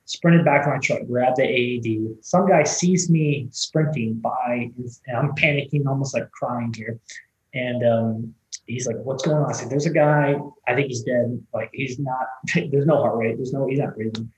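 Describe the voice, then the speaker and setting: A man's voice: medium pitch, normal speed, roomy sound, highs cut off. A man, a race director, telling stories in a casual, rambling interview, with many restarts and fillers. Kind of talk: conversational interview storytelling.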